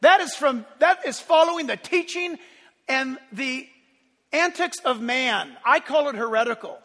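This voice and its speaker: A man's voice: extremely high pitch, lively intonation, unhurried, a bit bright, long reverb tail. A middle-aged man preaching a sermon as pastor in a church sanctuary, impassioned and emphatic.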